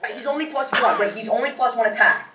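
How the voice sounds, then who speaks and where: A man doing casual let's-play commentary as a gaming video host, rambling and breaking into loud excited outbursts. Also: very high-pitched, fast, a loud crowd. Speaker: gaming YouTuber. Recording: echoey, distant, dull mic.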